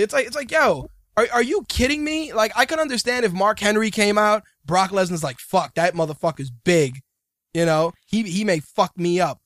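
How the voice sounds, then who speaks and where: A man's voice: high voice, a bit bright, no room sound, studio quality. A man hosting a podcast, ranting in profane casual banter. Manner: ranting, swearing, mocking. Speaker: podcast host.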